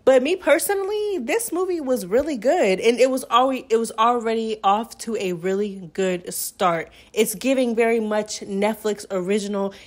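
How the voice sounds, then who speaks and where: A young adult woman recapping a movie for her channel in a chatty, animated way, acting out the characters' lines as she goes. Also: fairly high pitch, moderate pace, few pauses. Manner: chatty, animated storytelling with acted-out quotes.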